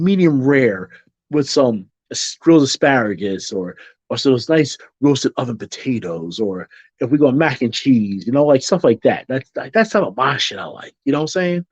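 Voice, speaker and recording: A man rambles casually to his viewers, circling back on his phrases and getting animated when he jokes. His voice is mid-pitched and sits close and dry in the recording, which sounds a little dull and muffled. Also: no echo. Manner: rambling, with restarts and repeated phrases; animated when joking, mimics people in quotes. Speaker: vlogger.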